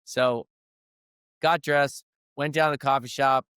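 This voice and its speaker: A man's voice: mid-range voice, fairly even intonation, measured pace, fairly bright tone, clear, resonant tone, no room sound. Earnest storytelling man, dry sound. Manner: earnest storyteller who acts out quoted dialogue. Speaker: leadership coach and guest. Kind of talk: storytelling in a conversational interview.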